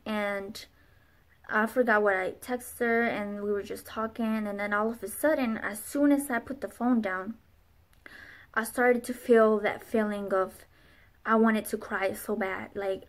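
Young adult woman, slightly high voice, earnest rambling testimony-style vlog delivery. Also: fairly bright tone. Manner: earnest, rambling with many fillers. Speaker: vlogger. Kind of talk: personal testimony.

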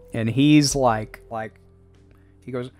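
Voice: medium pitch, extremely slow, darkish tone, faint music behind. A livestreamer chatting casually to chat while drawing, goofy and laughing often between jokey asides.

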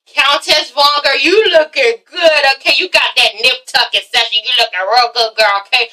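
A sassy woman recapping a reality show in a casual vlog, swearing freely and acting out the cast in quick voices. Her voice sits high and bright. She is a bit far from the mic. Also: fairly even intonation. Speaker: vlogger reviewing a TV show.

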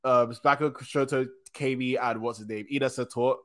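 Excitable young man reacting to a manga. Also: medium pitch, brisk. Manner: excitable slangy chatter, frequent restarts. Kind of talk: casual reaction commentary.

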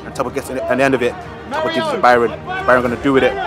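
A young-sounding man calls a football match for his own club in a loose, slangy commentary style, cheering and groaning over each play. His voice sits at a middle pitch, with a music bed and crowd noise running underneath. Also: little pitch movement, rapid-fire. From South London. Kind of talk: excitable amateur football commentary.

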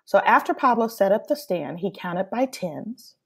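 A woman teacher reading a children's picture book aloud in a slow, expressive way. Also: mid-range voice, vocal fry, slightly rough. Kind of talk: storybook read-aloud for children.

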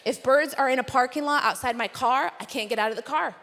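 High-voiced woman preaching in echoey hall. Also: fast. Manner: animated, comic storytelling with laughs. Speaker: conference speaker. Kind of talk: storytelling sermon. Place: conference hall.

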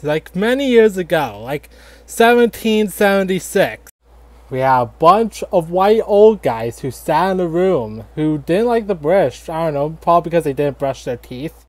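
Man doing a rambling, high-voiced grandpa fox. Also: animated, a little mellow, no echo, natural voice. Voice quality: halting, filler-heavy, lots of likes and restarts. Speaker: storyteller grandfather. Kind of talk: casual satirical storytelling.

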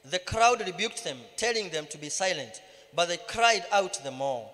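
A man's voice: sits high, animated, normal speed, pushed and bright. A man with a Kenyan accent leading a Bible study, mixing English and Swahili and rising to emphatic cries. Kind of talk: sermon-style Bible teaching. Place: church hall. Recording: reverberant church hall.

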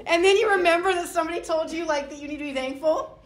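A woman with a bright, high voice preaches in a roomy church, her sermon loose and chatty. She slips into playful little voices as she acts out everyday prayers. The room rings around her with a faint hum underneath. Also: fast, few pauses. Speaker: pastor. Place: church hall.

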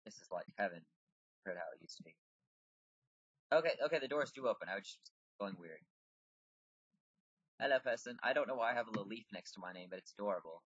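A man with a deep voice giving casual, rambling commentary while playing a video game and chatting to the characters. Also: animated, fast talker, fairly bright tone, breathy edge, dry recording, muffled recording.

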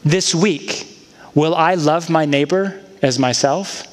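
A pastor preaching a sermon in a relaxed, talk-like way, tossing in casual asides. His voice sits a little high for a man. The sound carries a long church-hall reverb. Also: takes it slowly. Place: church sanctuary.

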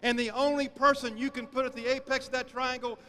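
A man giving a sermon-style talk, telling stories with emphatic, animated delivery. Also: very high voice, fairly quick. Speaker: speaker.

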